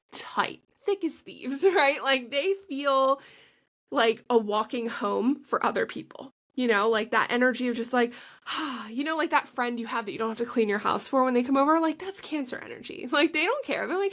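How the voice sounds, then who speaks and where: A woman's voice: high voice, lively intonation, normal speed, a bit bright. A woman co-hosting a podcast in casual chat, chatty and gushing, filling her talk with "like" and laughing mid-sentence. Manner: chatty and gushing, heavy use of "like". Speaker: podcast co-host.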